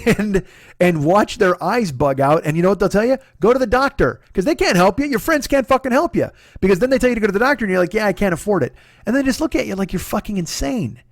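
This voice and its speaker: A man's voice: sits high, lively intonation, fast, no echo, studio quality. A man in his forties hosting a solo comedy podcast, telling a long, rambling and profane personal story that he keeps restarting and apologizing for. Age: 40s. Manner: profane, rambling, candid and confessional.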